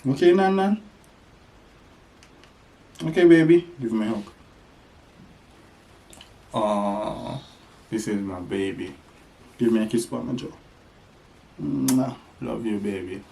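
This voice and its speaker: A man's voice: on the low side, animated, slow pace, vocal fry, long pauses, dark tone, a little hiss or hum. A man talking playfully to his baby in a home vlog, making animal sounds. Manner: sing-song talk to a toddler with animal sounds. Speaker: father teaching his baby.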